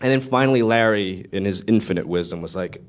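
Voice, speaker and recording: A man's voice: fairly low pitch, brisk, smooth. A man, a screenwriter guest at a Q&A, telling stories casually, acting out quotes, swearing and laughing often. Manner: animated, profane, acts out quotes, laughs often. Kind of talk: casual anecdotal storytelling. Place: live Q&A event.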